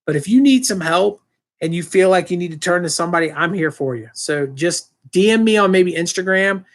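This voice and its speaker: A man's voice: fairly high pitch, fairly bright tone. A man hosting his own live stream, reading viewer comments and answering them in a loose, rambling way with many fillers and restarts. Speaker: channel host answering live chat. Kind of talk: casual live-stream chat.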